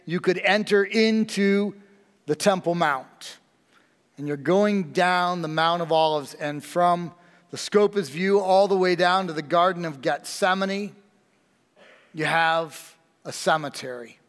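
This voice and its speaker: Slow, high-voiced preaching man. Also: a bit bright, big-room sound. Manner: slow, emphatic preaching with dramatic pauses. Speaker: pastor. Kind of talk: sermon.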